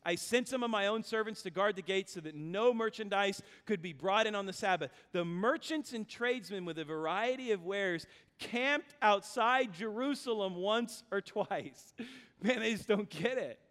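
A male pastor preaching a sermon, reading scripture aloud and then explaining it in an animated, humorous way. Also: high voice, normal speed, clear, resonant tone. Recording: long reverb of a large hall.

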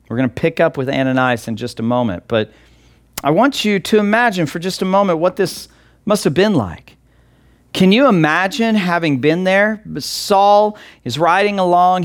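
A man preaching an online sermon as a pastor. He speaks earnestly and emphatically, asks listeners direct questions and repeats key words with long pauses. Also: on the high side.

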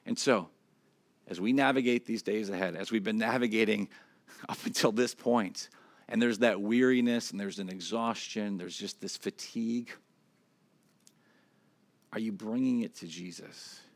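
An earnest man preaching a sermon as pastor, his voice sitting in a mid range with a dry, close sound. He lifts higher and louder when he voices prayers and scripture, then falls soft and low for confessional moments. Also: moderate pace, no echo. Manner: earnest, rises in pitch and volume when quoting scripture and prayers; drops soft and low on confessional, reflective points.

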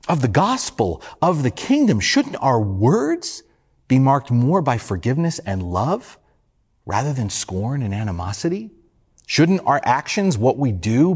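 A man's voice: medium pitch, darkish tone, breathy edge. A man preaching a sermon, building his points through earnest rhetorical questions and emphatic repetition. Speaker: pastor.

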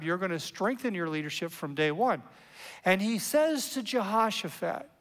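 A man preaching a sermon as a pastor, in an animated, conversational way with playful asides. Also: high voice, big-room sound. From United States.

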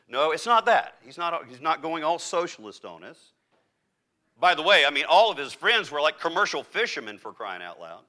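Male pastor, fairly high, bright voice, emphatic sermon delivery with dramatic pauses. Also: big pitch swings. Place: church.

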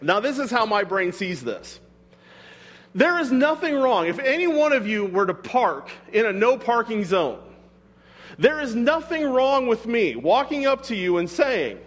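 Male preacher with a high voice, conversational sermon delivery, recorded in a long-reverb hall. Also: sing-song, measured pace. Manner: conversational, emphatic, rhetorical questions. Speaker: pastor.

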